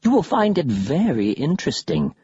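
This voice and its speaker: A man voicing whispering, skull-headed library spirits who try to trade for souls, in a slow, hushed, tempting husky voice in an audiobook. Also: on the high side, huge pitch swings, dry recording, dull audio, exaggerated voice. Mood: sinister tempting. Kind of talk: audiobook reading.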